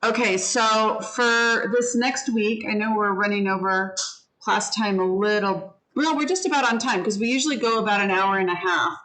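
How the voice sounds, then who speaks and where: A woman's voice: mid-range voice, normal speed, a bit bright, low-quality recording. A woman teaching an online English class, patiently giving feedback and explaining how word stress changes. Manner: encouraging, explains pronunciation patiently.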